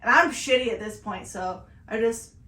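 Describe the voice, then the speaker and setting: A woman from Southern Indiana co-hosting a podcast, telling a story in casual chat, animated and swearing freely. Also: on the high side, normal speed, roomy sound. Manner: animated, swears freely, shouts when retelling. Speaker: podcast co-host.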